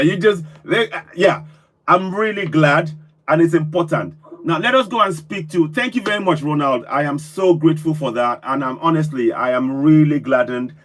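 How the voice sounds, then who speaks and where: A man's voice: a little high, fairly bright tone. A man hosting a live call-in stream, effusive and full of repeated thanks. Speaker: host.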